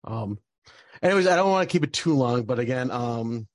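A man's voice: mid-range voice, animated, fairly quick, dry recording. Young man, mid-range voice, casual storytelling, rambling with fillers, dry close sound. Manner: rambling, full of "like" and "um" fillers and restarts. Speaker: guest telling a personal story.

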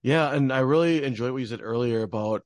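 A man's voice: mid-range voice, fast talker, dry recording, studio quality. Casual, reflective man interviewer. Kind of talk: conversational interview.

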